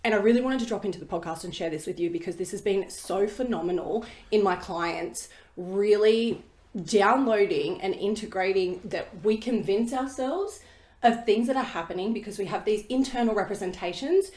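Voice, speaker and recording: A woman's voice: mid-range voice, darkish tone. A woman hosting a solo podcast, talking bluntly and emphatically and swearing casually. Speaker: podcast host. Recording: roomy echo.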